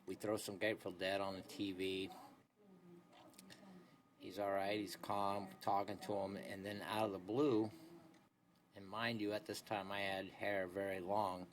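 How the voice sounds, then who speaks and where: A man's voice: on the low side, little pitch movement, a little slow, long pauses. A young man casually telling a long story into a phone, laid-back and rambling, full of "anyways" and "this and that". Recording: phone recording with faint background hiss.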